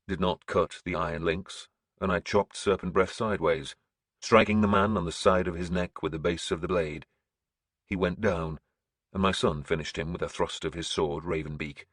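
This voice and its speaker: A man narrating an audiobook in a grim, measured storytelling manner. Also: sits low, fairly bright tone, slightly rough, no room sound, studio quality.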